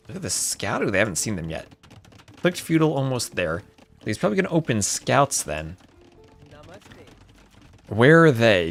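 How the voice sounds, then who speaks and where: A man commentating a live strategy game tournament, chatty and excitable, chatting with viewers between plays, with faint music behind. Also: medium pitch, creaky. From New Jersey. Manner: chatty, reads chat aloud, excitable outbursts. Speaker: esports caster.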